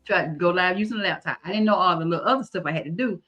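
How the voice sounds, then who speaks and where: A woman's voice: fairly low pitch, racing, bright, forceful tone, highs cut off. A middle-aged woman hosts a casual live-stream chat, talking folksy and calling listeners honey and baby. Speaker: host.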